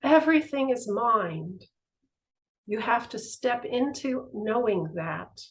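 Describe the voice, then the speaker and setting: A woman's voice: fairly high pitch, takes it slowly, low-quality recording. A woman giving a spiritual teaching talk, telling personal stories with animation and acting out the voices in them. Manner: animated storytelling, acts out the voices in her stories.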